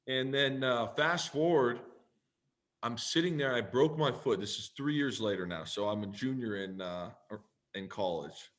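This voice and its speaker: Man telling a story, animated. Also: mid-range voice, unhurried. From Canada. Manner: animated, profane, acts out both sides of conversations. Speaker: podcast guest, pro football player. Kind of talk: casual storytelling.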